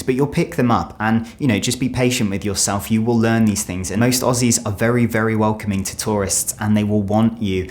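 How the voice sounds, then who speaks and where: A young British man chatting to camera in an earnest, animated way, now and then acting out little voices, recorded on a studio mic. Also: fairly low pitch, a little fast, hardly any pauses, slight background noise. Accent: British English. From Britain. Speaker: travel YouTuber. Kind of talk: direct-to-camera vlog. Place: home studio.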